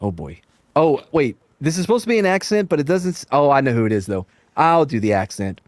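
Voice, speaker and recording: A man hosting a podcast, reading donations and swearing a lot in excitable banter. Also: fairly high pitch, fairly quick, no room sound. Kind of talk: casual banter.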